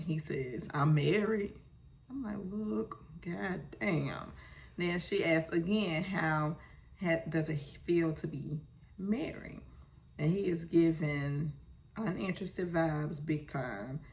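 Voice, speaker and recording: Sassy woman with a gravelly voice. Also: sits low, unhurried, a little mellow. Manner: sassy, talks back to the screen. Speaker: reality TV recap host. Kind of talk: casual show recap.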